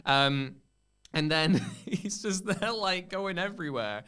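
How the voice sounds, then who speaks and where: Animated young man, smooth clear voice. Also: sits high, slow. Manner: animated storyteller who acts out scenes. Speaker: podcast co-host. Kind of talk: casual chat.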